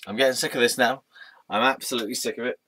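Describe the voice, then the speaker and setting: A man's voice: mid-range voice, fairly even intonation, very fast, pushed and bright, slightly rough. A man in his thirties talking through a rambling, candid personal vlog, swearing freely, with plenty of ums and dry sarcasm. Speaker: vlogger. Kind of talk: casual personal vlog monologue.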